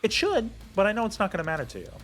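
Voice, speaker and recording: A young man ranting to camera as a gaming video creator, heated and profane, his pitch jumping up when he gets worked up. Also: huge pitch swings, very fast, a bit bright, soft background music. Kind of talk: angry rant to camera.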